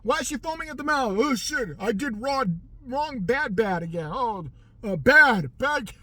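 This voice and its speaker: A vlogger putting on a sassy woman who shouts and then stammers in a shrill voice. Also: expressive, unhurried, no room sound. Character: sassy woman turning into a babbling wreck.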